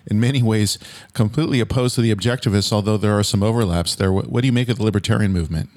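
A man from California hosting an interview and asking questions with deliberate, formal phrasing. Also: lowish voice, darkish tone, no echo. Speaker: podcast host.

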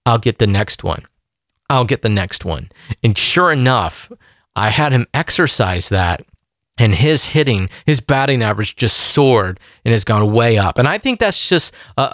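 A podcast host telling a story in a casual, rambling monologue. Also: male voice, medium pitch, no room sound, studio quality. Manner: animated, rambling with fillers.

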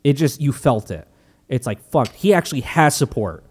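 A man casually recapping a movie as a podcast host, animated, joking and profane. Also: mid-range voice, normal speed, husky. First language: Italian heritage, speaks English.

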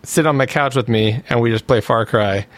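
A man's voice: mid-range voice, moderate pace, no echo. A man hosting a podcast over a remote call, casual and playful, teasing his co-host. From United States. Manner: playful, teasing, leads the segment. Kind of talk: casual chat.

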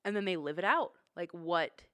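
A chatty woman co-hosting a podcast, her voice sitting a little low. She speaks in relaxed, filler-filled conversation and laughs easily. The sound is close and dry. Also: normal speed, no echo. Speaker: podcast co-host. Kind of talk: casual chat.

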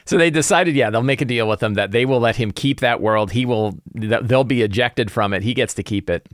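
A man who runs tabletop games, chatting casually about his prep and recapping the last session. He rambles and restarts his sentences often, with plenty of fillers. The audio is dry and close, and his pitch sits in the middle. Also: a little fast, few pauses, dry recording. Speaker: game master. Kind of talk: casual game-prep vlog.

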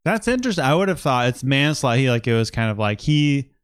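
Man, podcast co-host, jokey and reactive, lively animated pitch, smooth clear voice, dry sound. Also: fast talker, no room sound. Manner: jokey, reactive, laughs often. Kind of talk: casual chat.

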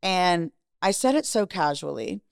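A middle-aged woman speaks as a guest, her voice sitting a little low. She tells her story frankly, with casual swearing, and acts out the lines of others. The sound is dry and close. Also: animated, measured pace, gravelly, clean tone, no echo. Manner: frank and profane, acting out quoted dialogue. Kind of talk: candid personal storytelling.

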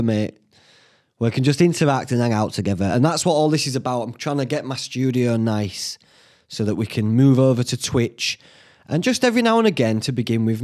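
Chatty, swearing podcast host. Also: male voice, mid-range voice, darkish tone. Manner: chatty, swears casually, laughs at himself. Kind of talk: casual solo podcast chat. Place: small home studio.

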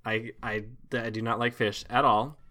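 Man, podcast co-host, bright tense voice, halting, restarts. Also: mid-range voice, steady tone, a little hiss or hum. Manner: halting, many restarts and fillers. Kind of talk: casual podcast chat.

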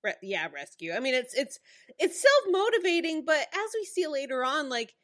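Female podcast co-host, slightly high-pitched, chatty and laughing, casual episode recap. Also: normal speed. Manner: animated, laughs often, acts out characters' lines.

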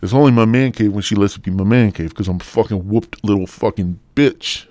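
A man's voice: lowish voice, brisk, dark tone, dry recording. Sardonic, foul-mouthed man in his sixties. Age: 60s. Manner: crude, swearing, sardonic. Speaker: podcast host. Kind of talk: profane comic rant.

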